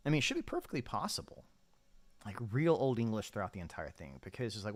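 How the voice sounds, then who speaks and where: A man's voice: fairly low pitch, sing-song, quick pace. A man giving casual gameplay commentary as a streamer, chatty and thinking aloud while he sets up his army. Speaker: game streamer.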